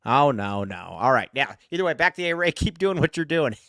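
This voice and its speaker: A man's voice: fairly high pitch, fairly quick, no room sound, studio quality. A man hosting a sports podcast, chatting casually and joking, rambling with lots of fillers. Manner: animated, jokey, rambling with many fillers. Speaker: podcast host.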